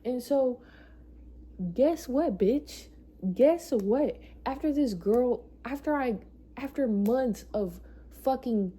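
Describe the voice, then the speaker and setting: A young woman with a fairly high voice tells a personal story at an unhurried pace. She talks with raw feeling and swears freely, circling back over the same points for emphasis. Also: warm tone. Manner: emotional, swears often, repeats for emphasis. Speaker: vlogger. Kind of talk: casual storytime.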